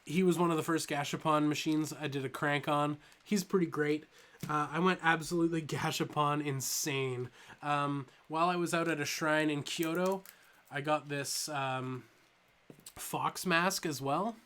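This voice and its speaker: A young man hosts a live stream from home in a voice pitched a little high. He rambles in a loose, joking way and leans on ums while he answers chat. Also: fairly even intonation, a little slow, fairly bright tone. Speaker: toy channel host streaming live.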